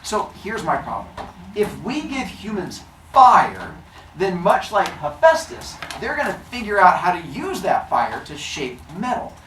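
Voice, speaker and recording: A man's voice: sits high, huge pitch swings, unhurried, a bit bright, echoey room, recorded from a distance, slight background noise, pitched above the performer's own voice, full character voice, poor audio. A man voicing a petty, grumpy male king god in a bedtime-style myth retelling, indignant and exaggerated. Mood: peevish.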